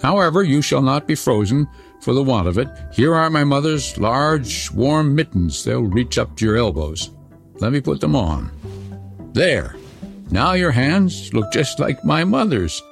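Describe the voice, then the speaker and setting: A man voicing a fierce, bossy little robber girl who speaks in a brisk, commanding way. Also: mid-range voice, sing-song, vocal fry, soft background music, pitched above the performer's own voice.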